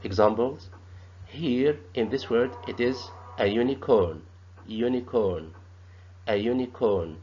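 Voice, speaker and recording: Slow, halting male teacher. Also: medium pitch, slight background noise. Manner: slow, halting, repeats sounds and words. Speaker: English teacher. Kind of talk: grammar lesson. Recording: dull lo-fi sound.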